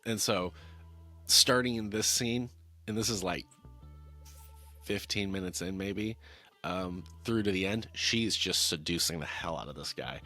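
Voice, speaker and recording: A man's voice: deep voice, unhurried, long pauses, sharp tone, soft background music. A man casually reviewing a film on camera, wry and rambling with many restarts. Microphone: talking-head camera mic.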